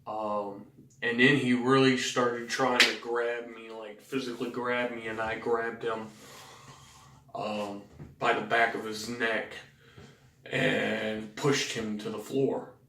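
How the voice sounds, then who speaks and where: A man's voice: medium pitch, level tone, slow pace, pushed and bright, slight background noise. A man with a Southern US accent telling his own story to the camera, blunt and profane, rambling with fillers. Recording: roomy sound from a distant mic.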